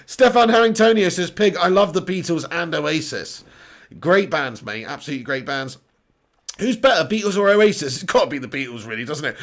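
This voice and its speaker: A man talks through a live football match for his viewers, reading their comments and swearing casually. His voice sits high for a man and has a rough, gravelly edge. When a chance comes he jumps into fast, excited play-by-play. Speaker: watch-along host.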